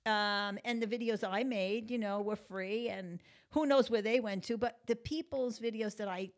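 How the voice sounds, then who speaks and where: A woman's voice: mid-range voice, normal speed. A woman hosting her own talk show, chatting casually and ranting bluntly, swearing freely as her exasperation builds. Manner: conversational, chatty with fillers. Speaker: podcast host. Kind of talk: casual monologue rant.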